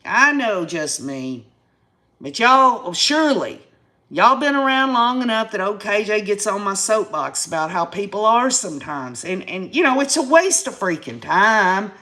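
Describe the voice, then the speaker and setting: A woman's voice: medium pitch, very animated, measured pace, pushed and bright. A woman in her fifties from Tennessee with a Southern accent, hosting a casual live stream and ranting to her viewers in folksy country phrasing. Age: 50s. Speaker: YouTube live-stream host.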